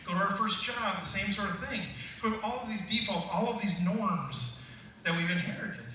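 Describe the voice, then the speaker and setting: Middle-aged guy doing a keynote, jokey and chatty, higher voice, faint room hum. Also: fairly quick, pushed and bright. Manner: conversational, humorous, laughs with the audience. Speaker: keynote speaker. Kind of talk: motivational keynote. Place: large hall at a school staff gathering. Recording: echoey hall, distant mic, faint hum.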